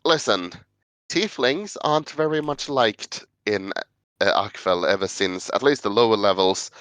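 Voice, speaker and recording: A smooth-talking half-elf fixer, calm and folksy, calling everyone friend, as a game master puts him on. His voice stays low yet bright and crisp. The sound is dry and close, like a tabletop game. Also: a little slow, no room sound. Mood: friendly. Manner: folksy and soothing, calls people friend.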